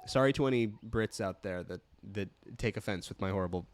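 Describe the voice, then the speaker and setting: A man's voice: fairly low pitch, brisk, a little hiss or hum. A man giving casual, self-deprecating commentary while playing a video game and reading its text aloud. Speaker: let's play host.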